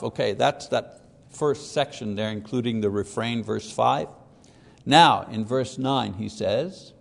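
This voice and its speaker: A man's voice: slow, vocal fry, big-room sound. A man preaching a conversational Bible lesson, reading verses and briefly acting out the voices in them. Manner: conversational, acts out quoted voices with rising pitch. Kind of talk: expository Bible teaching.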